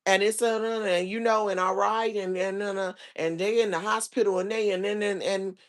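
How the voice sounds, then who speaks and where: A woman hosting a casual livestream, chatting and rambling with her viewers in loose slang, now and then breaking into loud exasperated outbursts. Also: medium pitch, fairly even intonation, moderate pace. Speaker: livestream host.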